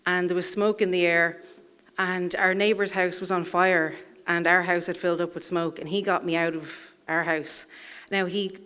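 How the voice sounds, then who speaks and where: A woman's voice: fairly low pitch, fairly bright tone, smooth. A woman telling a personal story live on a theatre stage, in a wry, self-deprecating way, chuckling through her lines.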